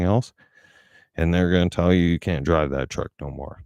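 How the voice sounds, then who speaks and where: A man's voice: sits low, fairly even intonation, normal speed, vocal fry, darkish tone, no echo, clean studio sound. A middle-aged man talking bluntly and profanely in a casual monologue. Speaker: vlogger.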